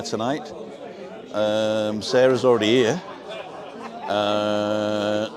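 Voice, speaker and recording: An older man chats away on a live stream from a sunny bar terrace, rambling and jokey as he answers viewers. He speaks at an ordinary, middle pitch, and a crowd talks clearly in the background. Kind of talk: casual live-stream chat, reading viewer comments. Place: outdoor bar terrace in the sun. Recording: outdoor crowd noise behind. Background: crowd chatter.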